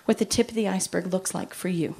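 A middle-aged woman from the United States speaks to a room of parents in an easy, chatty way. She tells stories and slips into the voices of the people she quotes, keeping her own voice at a medium pitch. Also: fast, gravelly, breathy edge. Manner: chatty, animated storytelling with acted-out quotes. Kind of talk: talk to parents.

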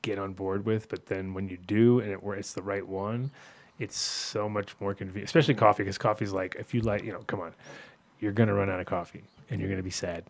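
A man's voice: fairly low pitch, fairly even intonation, a little fast. A man hosting a casual podcast chat, joking and swearing freely. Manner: joking, profane, jumps into funny put-on voices. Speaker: host.

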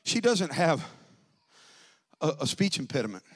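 A pastor with a high, lilting voice and a breathy edge preaches a Pentecostal sermon, very animated yet unhurried. He jokes conversationally with the congregation before rising into loud, drawn-out preaching.

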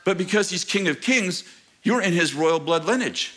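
A middle-aged man preaching a sermon to his church, animated and joking with the congregation, asking rhetorical questions. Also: high voice, moderate pace. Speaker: pastor. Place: church sanctuary.

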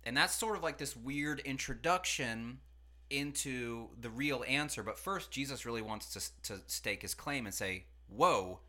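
A man, a pastor and podcast host, teaching in a relaxed conversational way in a studio, acting out quotes with lively asides. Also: medium pitch, moderate pace. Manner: conversational, animated, acts out quotes.

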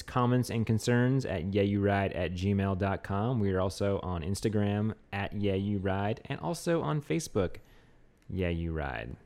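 Low-voiced man hosting a casual podcast. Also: clear, resonant tone. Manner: relaxed, joking, stumbles over plugs. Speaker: podcast host.

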